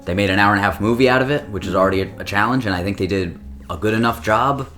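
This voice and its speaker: A man's voice: fairly low pitch, very fast, a bit bright, faint music behind. A man co-hosting a podcast, giving opinionated, reasoned takes in casual chat. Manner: opinionated, analytical, long reasoned turns. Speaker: podcast co-host.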